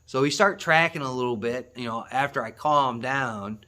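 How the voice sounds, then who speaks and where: A man hosting a hunting channel, telling a story to the camera in a rambling, excitable way, with laughs and restarts. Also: mid-range voice, moderate pace.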